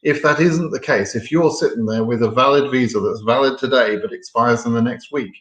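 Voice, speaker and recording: A man's voice: medium pitch, brisk, echoey room. A man hosting a live question and answer stream, reading viewer questions and answering them frankly, with many ums and restarts. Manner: frank and blunt, reads viewer questions aloud then answers.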